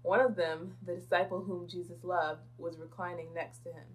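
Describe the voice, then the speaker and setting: A woman in a Bible study group reading scripture aloud in a plain, steady voice. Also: fairly low pitch, moderate pace, slight background noise, rough recording.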